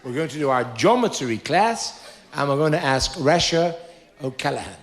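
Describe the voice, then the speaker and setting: A man with a Dublin accent playing a stern, plodding male schoolteacher, talking in a slow, deliberate drone. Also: a little high, sing-song, voice pushed down. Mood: instructing.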